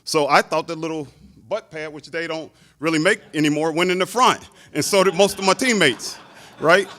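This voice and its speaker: A man in his fifties, a hall of fame inductee, telling a lively story in a speech, full of asides. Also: a little high, normal speed. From Chicago, United States.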